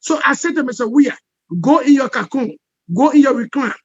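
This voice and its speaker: A high-pitched man delivers passionate political commentary as an interview guest. He hammers his points home, repeating phrases and asking for agreement. The recording is dull and lo-fi, with a close, dry sound. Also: fairly quick, husky, no room sound. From Liberia. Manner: emphatic, repetitive, punctuates points with "all right?". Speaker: interview guest, peace expert.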